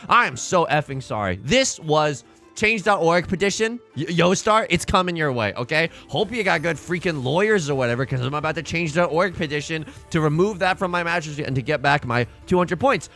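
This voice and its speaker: A young man giving jokey, excitable commentary over a mahjong game he is playing, breaking into sudden outbursts. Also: on the high side. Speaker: gaming YouTuber and commentator. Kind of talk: mahjong let's play commentary.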